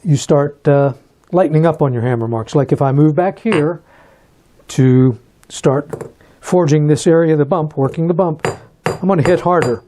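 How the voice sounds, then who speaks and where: A man teaching metal forging in a hands-on demonstration, talking in a relaxed and halting way and repeating words while he works. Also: a little high, a little hiss or hum. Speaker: metalsmith instructor.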